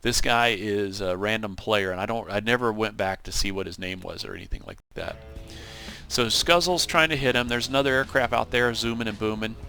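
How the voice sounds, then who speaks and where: Bright-voiced man narrating his flight footage. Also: fairly low pitch, a little fast, creaky, smooth, faint music behind. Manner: animated storytelling, acts out radio calls. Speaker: gaming channel host. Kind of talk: casual gameplay commentary.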